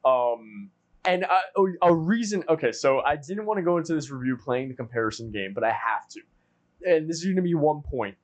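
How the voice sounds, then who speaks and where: A man's voice: on the high side, expressive, a little fast. A man co-hosting a casual film review, making his points earnestly and at length with asides. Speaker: podcast co-host.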